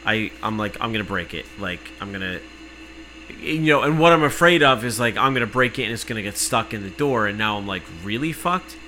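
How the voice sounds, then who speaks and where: A man telling an exasperated, profane story in casual podcast chat, cursing freely and working himself up to shouting. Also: lowish voice, animated, brisk, slight background noise, low-quality recording.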